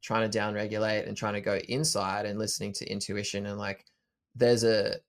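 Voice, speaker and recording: A man with a somewhat low voice hosts a relaxed podcast chat. He reflects out loud in a calm, unhurried way, often stopping to rephrase mid-thought. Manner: thoughtful, self-correcting, calm. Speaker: podcast host.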